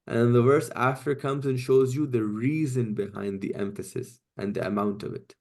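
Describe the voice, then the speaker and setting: A man's voice: medium pitch, fairly even intonation, moderate pace, a little mellow. A man teaching an online class, explaining step by step and often checking in with "right?" and "okay?". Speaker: Quranic Arabic teacher.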